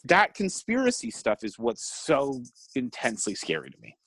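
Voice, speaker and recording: A man co-hosting a casual podcast, telling stories in a rambling, animated way with frequent laughs. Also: medium pitch, moderate pace, no echo. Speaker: podcast co-host. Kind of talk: casual chat.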